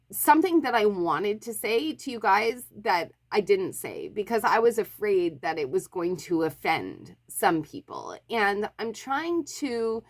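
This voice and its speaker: A woman's voice: mid-range voice, fairly bright tone. A woman from Montreal, a book vlogger, chatting casually to camera and apologizing often, with lots of fillers and restarts. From Montreal, Canada.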